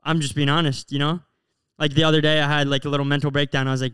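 Fast-talking young man, casual podcast chat. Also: on the high side, level tone, fairly bright tone, smooth, no room sound. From Florida. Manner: open, earnest, storytelling with lots of "like". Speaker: podcast co-host.

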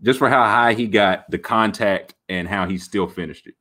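A man hosting a podcast, rambling about sports in an animated, jokey way. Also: fairly low pitch, moderate pace. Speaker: podcast host. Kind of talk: casual sports talk.

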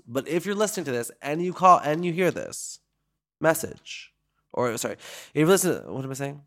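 A man's voice: on the high side, very animated, moderate pace, a bit bright. A man hosting a casual phone-call vlog, dramatic and playful, swearing freely as he chats. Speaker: host calling fans back.

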